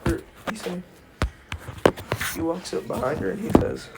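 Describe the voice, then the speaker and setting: A man's voice: sits high, huge pitch swings, normal speed, very noisy. A young man casually retelling a fan-fiction story, rambling, filling with "like" and correcting himself. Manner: rambling, full of "like", self-correcting.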